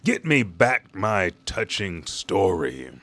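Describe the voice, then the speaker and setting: A man voicing a cruel noble villain who screams shrill threats while reading a comic aloud. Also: sing-song, slow pace, a bit bright, no room sound, full character voice. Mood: livid.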